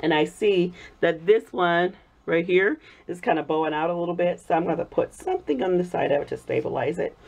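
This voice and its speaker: A woman vlogger chatting casually while making soap, her voice hoarse from a cold. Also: on the low side. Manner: chatty, warm thanks to viewers, frequent laughs. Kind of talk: casual chat while crafting. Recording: dull lo-fi recording.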